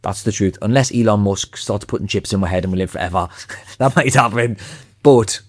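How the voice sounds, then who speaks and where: A man with a low voice talks through a podcast interview in a confident, emphatic way. The sound is dry and close, with no room around it. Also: a little fast, no room sound. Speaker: podcast guest, sales trainer.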